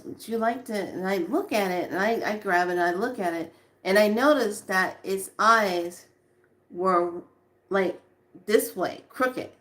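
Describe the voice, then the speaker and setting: A woman telling a personal story in a casual, animated way, repeating words as she goes. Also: medium pitch.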